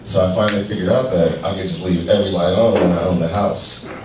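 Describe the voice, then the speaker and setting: A man from Colorado performs a loose stand-up set at a live venue with an audience, telling stories and acting out characters. His voice is low-pitched and steady in tone, and he talks fast. The live recording sounds roomy and distant, with faint noise.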